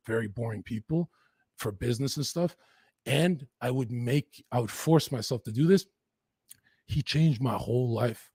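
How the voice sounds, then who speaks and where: Husky, intense man telling his story. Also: mid-range voice, warm tone, dry recording. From Lower Mainland, Canada. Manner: intense, profane, rapid-fire. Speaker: podcast guest. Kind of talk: candid storytelling in an interview.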